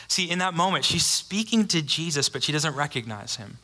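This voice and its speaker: A male pastor preaches with a bright, forceful tone, a little higher than most men. He tells the story earnestly and drops to a hush on key lines. His voice rings out in a hall with long reverb. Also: animated, quick pace, few pauses. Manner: earnest storytelling with quiet, hushed emphasis. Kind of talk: sermon.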